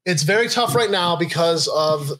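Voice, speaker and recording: A young man hosts a loose, casual live chat. His voice sits a little high, and he reads news items aloud in a relaxed way, trailing off into fillers and easy laughter. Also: moderate pace, crowd noise, poor audio. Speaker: podcast host.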